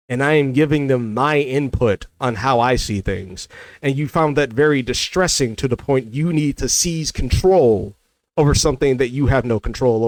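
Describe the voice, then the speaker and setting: A man's voice: medium pitch, dry recording. A man giving a heated, argumentative commentary rant, often repeating himself as he rebuts a critic. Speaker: commentary creator. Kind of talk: ranting commentary to camera.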